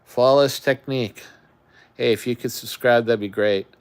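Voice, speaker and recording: A man's voice: medium pitch, fairly even intonation, normal speed, clear, resonant tone. A man hosting a casual live chat, rambling and talking straight to his viewers. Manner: rambling, chatty, talks to viewers. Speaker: livestream host.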